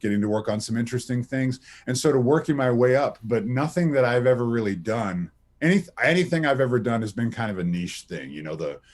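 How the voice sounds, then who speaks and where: A man in his thirties, a voice actor being interviewed, who tells anecdotes in a lively, laughing, casual way. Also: medium pitch, brisk, few pauses. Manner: animated, anecdotal, laughs often, many restarts. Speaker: voice actor guest.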